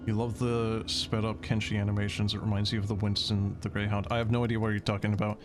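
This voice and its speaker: A man's voice: fairly low pitch, little pitch movement, fast, background noise. A man streaming a game in casual chat, sarcastic and swearing as he answers chat.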